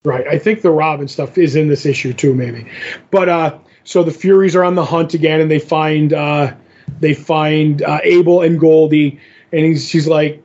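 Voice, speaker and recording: A man's voice: a little high, fairly even intonation, measured pace, a little mellow. Lo-fi man recapping comics casually. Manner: rambling, acts out characters' lines in passing. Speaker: podcast co-host.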